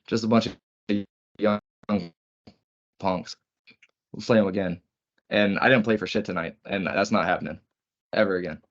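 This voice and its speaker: A man's voice: sits low, steady tone, moderate pace, pauses often, lo-fi sound. A man co-hosting a podcast, telling profane stories in casual chat. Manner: profane storytelling. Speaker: podcast co-host.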